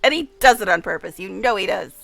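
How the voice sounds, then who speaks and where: A woman streamer chatting casually over her gameplay, giggly and talkative, with hushed asides. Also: mid-range voice, expressive, fast talker, gravelly, low-quality recording. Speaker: streamer playing a game.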